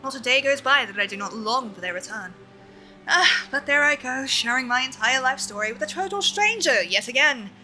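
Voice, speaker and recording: A woman's voice: sits high, animated, moderate pace, bright, forceful tone, soft background music, exaggerated voice, poor audio. A woman putting on a weary old British villager. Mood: solemn. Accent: mock British. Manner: formal, old-fashioned storybook phrasing. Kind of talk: reading game dialogue aloud.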